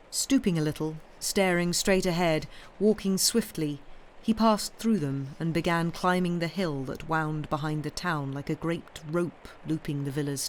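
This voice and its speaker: A woman reading literary short stories aloud on a live stream, slow and expressive, lingering over phrases. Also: sits low, a little hiss or hum.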